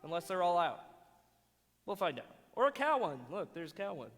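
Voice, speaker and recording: A man's voice: high-pitched, big pitch swings, moderate pace, fairly bright tone, long reverb tail. A man hosting a live stream, joking around and plugging masks in casual banter. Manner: joking, playful, plugs merchandise. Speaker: host.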